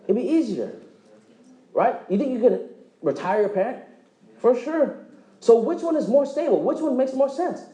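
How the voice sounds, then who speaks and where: A man giving a motivational sales presentation, joking and quizzing the audience, acting out quick dialogues. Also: extremely high pitch, sing-song, warm tone, echoey room, poor audio. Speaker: presenter at a direct-sales meeting. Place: meeting room with live audience.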